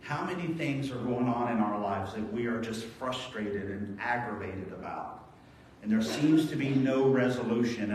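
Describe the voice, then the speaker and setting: A male pastor preaching a sermon, earnest and storytelling, moving between raised emphasis and quiet reflection. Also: medium pitch, a little hiss or hum. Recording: very echoey church hall, voice from far off.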